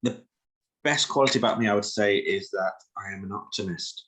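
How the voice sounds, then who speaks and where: A man in his thirties introducing himself as a game contestant, calm and brief. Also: on the low side, fairly quick, slightly rough. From United Kingdom. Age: 30s.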